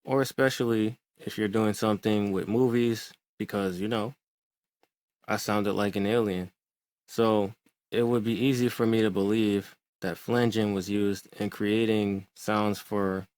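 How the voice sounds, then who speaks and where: A man explaining music production in a relaxed, conversational way, thinking aloud as he goes. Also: fairly low pitch, no echo. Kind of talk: tutorial explanation.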